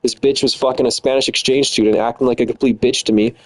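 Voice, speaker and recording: A man's voice: medium pitch, steady tone, fast talker, poor audio. A man in his twenties ranting angrily and profanely in a casual, bitter way. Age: 20s. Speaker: streamer. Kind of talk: angry casual rant.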